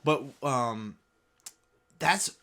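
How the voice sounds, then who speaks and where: A man's voice: medium pitch, animated, extremely slow, sharp tone, clear, resonant tone. A young man co-hosting a podcast, chatting casually and swearing often. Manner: swears often, laughing asides. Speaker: podcast co-host. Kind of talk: casual chat.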